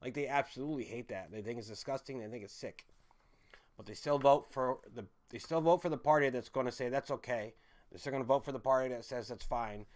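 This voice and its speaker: Rambling, ranting male stream host. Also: mid-range voice. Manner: ranting, with frequent restarts and stumbles; addresses the audience as folks and guys. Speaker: online commentary host. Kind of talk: rambling livestream commentary.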